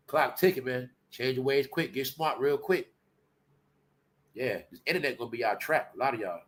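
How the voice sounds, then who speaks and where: A man, ranting bluntly on his commentary channel, jumping from loud outbursts to low mutters. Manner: loud, blunt and swinging between shouting and muttering.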